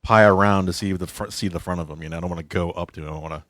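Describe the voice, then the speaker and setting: Deep, quick-talking man at a game table. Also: steady tone, a bit bright, no echo, studio quality. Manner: tactical, practical questions. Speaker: player. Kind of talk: casual tabletop play.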